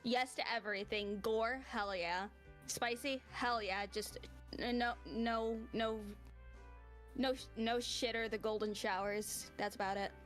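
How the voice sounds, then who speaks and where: A woman's voice: a little high, fairly even intonation, unhurried, a bit bright, soft background music. A young woman from the Midwest with a Midwestern US accent, co-hosting a casual podcast in a playful, crude, stop-start way. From Midwest United States. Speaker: podcast co-host.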